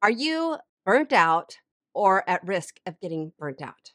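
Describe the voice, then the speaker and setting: Chatty Christian coach, dry close sound. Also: female voice, mid-range voice, takes it slowly, dry recording. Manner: chatty, animated storytelling with many "like"s. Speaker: Christian life coach and podcast host. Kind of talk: casual faith podcast monologue.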